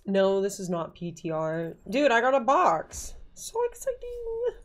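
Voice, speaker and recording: Excitable swearing woman streamer. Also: medium pitch, a little slow. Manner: excitable, swears a lot, jokey self-talk. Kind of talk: casual gaming stream chat.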